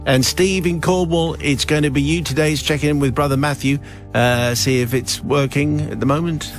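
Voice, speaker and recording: A middle-aged man hosts a radio show and reads a listener's letter aloud with lively storytelling. His voice sits a little high for a man. A faint music bed plays under him. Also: normal speed. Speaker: radio host.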